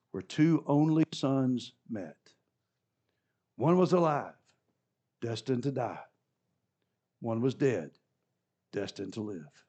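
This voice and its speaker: Man, preacher, sermon storytelling, dramatic, hushed to loud, fairly high voice. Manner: retells scene vividly with voiced characters. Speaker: pastor.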